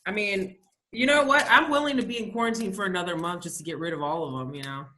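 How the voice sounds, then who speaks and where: A woman's voice: mid-range voice, quick pace, sharp tone. A woman co-hosting a podcast, telling stories in a profane, ranting, casual comedic chat. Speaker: podcast co-host.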